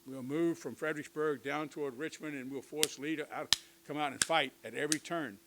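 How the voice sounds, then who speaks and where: An older man giving a conversational history lecture to teachers, with lively asides and touches of humor. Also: fairly high pitch, brisk, a little hiss or hum, low-quality recording. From United States.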